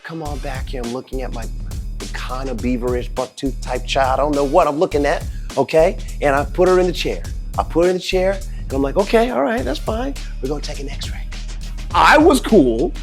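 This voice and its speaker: Animated man telling a story. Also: medium pitch, brisk, faint music behind. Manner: dramatic, repetitive retelling with quoted dialogue. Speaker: dentist and host.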